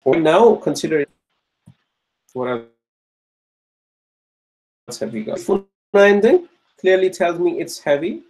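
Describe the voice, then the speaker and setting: A male teacher slowly working through grammar exercises in class, repeating each answer and checking in with the students. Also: high-pitched, expressive, darkish tone, rough recording. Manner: slow and repetitive, restates each answer; checks in with "okay?" and "right?".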